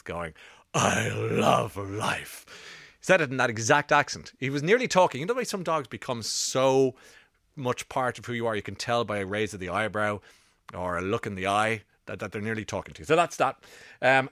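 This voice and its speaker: A middle-aged man hosting a radio show, telling rambling stories with quick asides into a studio mic. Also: lowish voice, a bit bright, no echo. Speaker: radio host. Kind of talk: casual radio chat. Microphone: broadcast studio mic.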